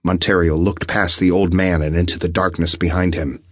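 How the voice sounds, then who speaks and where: A man narrating an audiobook in a measured, suspenseful way on a close studio mic. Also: deep voice, level tone, a bit bright, no echo. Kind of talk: scripted narration.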